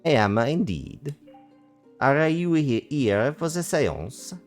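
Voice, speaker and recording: A man's voice: medium pitch, sing-song, slow, faint music behind, voice pushed up. A man voicing a flamboyant con-artist count in a hammy put-on Italian accent, with a theatrical, grand manner. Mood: smooth, theatrical.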